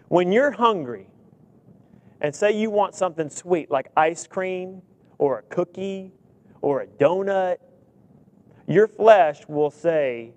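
A man with a high voice preaches a sermon, recorded dry and close. He reads scripture aloud and keeps throwing questions and jokes at the congregation. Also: expressive, a little slow, darkish tone, no echo. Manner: humorous, asks the congregation many questions.

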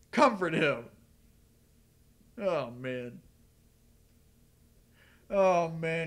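A man's voice: fairly high pitch, expressive, drawn-out words, long pauses, a bit bright. A man hosting a let's play, reacting with emotional exclamations to a game. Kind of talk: gaming commentary. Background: game music.

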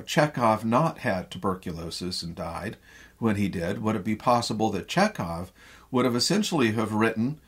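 A male theatre professor with a Midwestern American accent, giving a lecture that retells a play as a story and pausing often on fillers. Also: medium pitch, breathy edge. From Midwestern United States. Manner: animated storyteller with frequent fillers.

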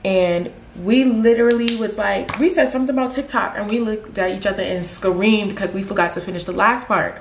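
Animated slangy woman vlogging. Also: mid-range voice, fairly quick, few pauses, a little hiss or hum. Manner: animated, slangy, dramatic storytelling. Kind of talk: casual vlog chat while getting ready. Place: at home doing makeup. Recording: roomy echo.

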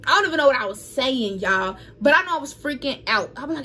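A young woman with a slightly high voice tells a story to her viewers in a casual vlog. She is animated and dramatic in the retelling and keeps turning to the audience. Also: brisk, hardly any pauses. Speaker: vlogger.

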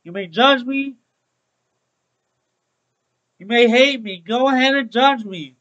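A man's voice: extremely high pitch, slow pace, fairly bright tone, muffled recording. A young man streaming a game, chatting upbeat with his viewers and repeating phrases like "bro". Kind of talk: casual Let's Play commentary to live chat.

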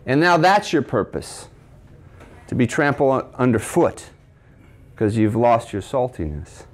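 A man preaching to a men's group at a breakfast, asking the listeners questions and quoting scripture. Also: medium pitch. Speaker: speaker at a men's ministry breakfast. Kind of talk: sermon. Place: cafe.

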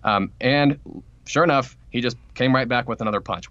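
A man's voice: mid-range voice, no echo, dull audio. A man, an author guest on a podcast, telling a workplace story in a casual interview and acting out what people said. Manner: fast, animated storytelling with acted-out quotes.

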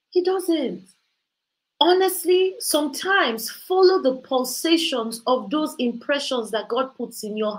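A woman's voice: high voice, fairly bright tone, rough recording. A woman hosting a faith-based motivational talk over a video call, talking in an impassioned, preachy way that builds to emphatic peaks. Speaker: host.

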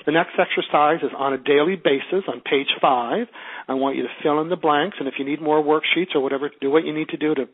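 A man's voice: on the high side, steady tone, fast, breathy edge. A man with a Canadian accent teaching a class by phone, upbeat and coaching, asking the class questions. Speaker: teleclass teacher. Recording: tinny phone line.

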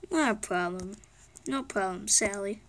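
A woman voicing a calm, steady old male race car in a toy play-acted story, talking matter-of-factly. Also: medium pitch, unhurried, pitched below the performer's own voice.

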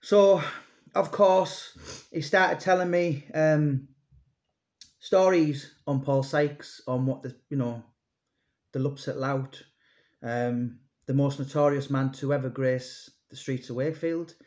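A man's voice: medium pitch, fairly even intonation, takes it slowly, darkish tone. A man in his thirties, an author and publisher, rambling conversationally about his books with many fillers and restarts. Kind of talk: casual monologue to camera.

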